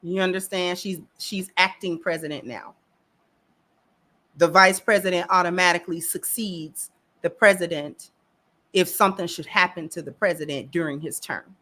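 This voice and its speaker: Bright-voiced sassy woman commentator. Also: lowish voice, fairly even intonation, moderate pace. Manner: sassy, emphatic, acts out quotes. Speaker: political commentator. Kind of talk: casual commentary vlog.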